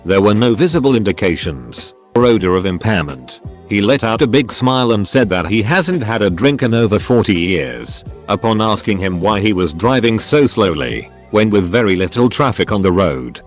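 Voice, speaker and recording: Male narrator, scripted storytelling, low-pitched, animated intonation. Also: normal speed, soft background music.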